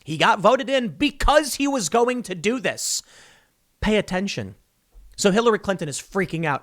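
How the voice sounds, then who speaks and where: Animated man doing political commentary. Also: sits high, moderate pace. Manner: emphatic, sarcastic, reads news excerpts aloud.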